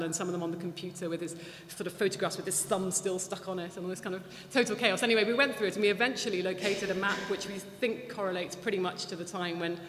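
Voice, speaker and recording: Female guest speaker, lively storyteller, echoey hall sound. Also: medium pitch. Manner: chatty, animated, many restarts and fillers. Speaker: guest speaker at a public talk. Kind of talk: anecdotal lecture with audience Q&A. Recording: echoey hall, faint background noise.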